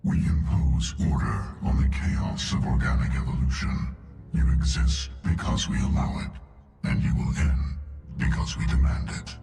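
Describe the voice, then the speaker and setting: An ancient machine overlord, deep and echoing. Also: male voice, over music, heavily acted. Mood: menacing. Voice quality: deep gravelly reverberating voice. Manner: slow, ominous pronouncements. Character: ancient menacing male machine overlord, cold and arrogant. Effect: heavy echo. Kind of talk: video game dialogue.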